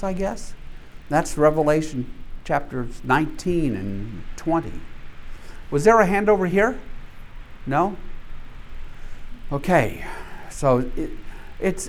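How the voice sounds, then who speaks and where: A man teaching a Bible class, emphatic, often restarting and repeating his words. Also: fairly high pitch.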